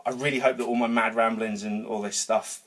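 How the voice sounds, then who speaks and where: A man's voice: lowish voice, a little fast. Worked-up man ranting after a workout. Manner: energetic, rambling, swears casually. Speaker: vlogger. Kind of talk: motivational talk to camera. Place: home garage gym.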